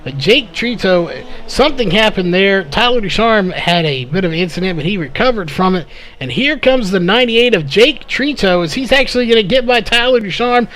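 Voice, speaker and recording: A man calling a live race play-by-play, slightly hoarse from losing his voice, with frequent "uh" fillers. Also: sits high, animated, moderate pace, fairly bright tone. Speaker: race commentator.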